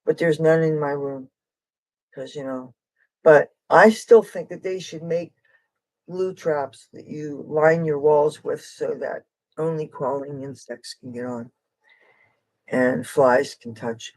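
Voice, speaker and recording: Here the livestream host and street guitarist rambles through casual chat, digressing and hopping between topics. His or her medium-pitched voice is slow and a little mellow, captured on poor audio.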